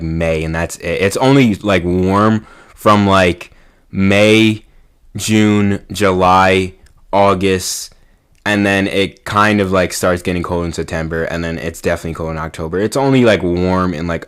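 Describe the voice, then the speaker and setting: This young vlogger from New York has a very low, smooth voice and rants casually about his city to the camera. He rambles, curses, and leans heavily on fillers. His volume shifts from quiet mumbling to sudden loud outbursts.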